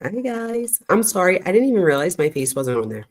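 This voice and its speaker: A woman's voice: on the low side, sing-song, fairly quick. A woman hosting a true crime show, chatting to viewers with incredulous asides as she reads out text messages. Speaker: true crime host and psychology professor. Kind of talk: casual commentary reading text messages aloud.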